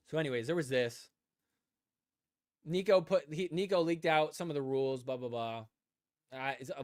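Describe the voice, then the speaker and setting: A man hosting a casual podcast live stream, telling a rambling story and acting out both sides of the conversation, breaking into loud laughter. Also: on the high side, dry recording, studio quality. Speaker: podcast host.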